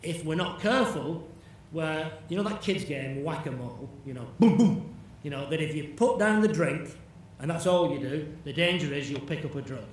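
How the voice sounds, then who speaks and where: A man's voice: a little high, lively intonation, normal speed. A man giving a conference lecture, telling a story in a chatty way, often asking "yeah?" and acting out imagined dialogue. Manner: conversational, checks in with "yeah?", acts out imagined dialogue. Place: large lecture hall. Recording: echoey hall, distant mic, faint noise.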